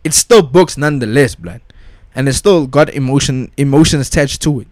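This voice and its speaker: A man's voice: medium pitch, moderate pace, a little mellow, no echo. A young man, ranting casually as a podcast host, full of slang, restarts and repeated "bruh" and "dog". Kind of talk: casual rant about pop culture.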